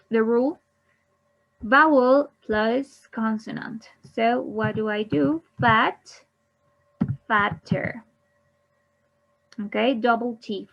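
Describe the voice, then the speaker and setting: Woman english teacher, very slow and deliberate, bit high voice, dull lo-fi sound. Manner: repeats each word, then gives the Spanish. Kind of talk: slow bilingual grammar lesson.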